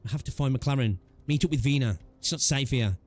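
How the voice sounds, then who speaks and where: Determined young woman rescuer, urgent, plain mid-pitched delivery, game story read aloud by a man. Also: brisk, lightly acted.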